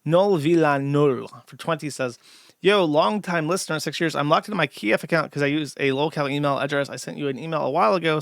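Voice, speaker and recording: Gravelly, profane male streamer. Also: fairly high pitch, fairly bright tone, dry recording, studio quality. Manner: blunt, profane, sardonic. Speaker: streamer reading viewer donations. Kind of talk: casual livestream chat.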